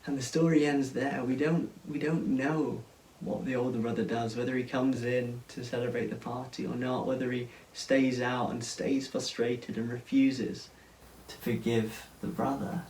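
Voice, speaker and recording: Earnest storytelling preacher, roomy sound. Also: male voice, mid-range voice, level tone, normal speed, a little hiss or hum. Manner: earnest, often drops to a hushed voice. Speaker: church speaker. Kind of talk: storytelling sermon. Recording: roomy sound, mic at a distance.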